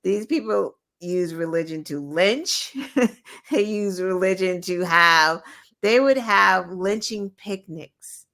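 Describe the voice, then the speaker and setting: Animated woman co-hosting a talk show. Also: medium pitch, slow. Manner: animated, laughs between points. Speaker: co-host. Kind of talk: casual political talk show.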